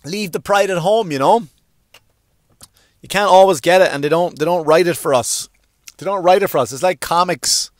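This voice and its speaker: Animated man doing stand-up. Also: moderate pace, dry recording, studio quality. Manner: animated, swearing, acts out characters with sudden pitch jumps. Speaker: stand-up comedian. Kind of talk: stand-up comedy monologue.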